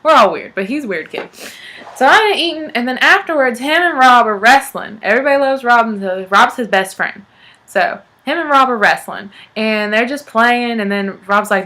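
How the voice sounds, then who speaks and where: Bright-voiced young woman telling a story. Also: mid-range voice, moderate pace. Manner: chatty, laughing, acts out family members' lines. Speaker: vlogger. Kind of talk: casual storytelling.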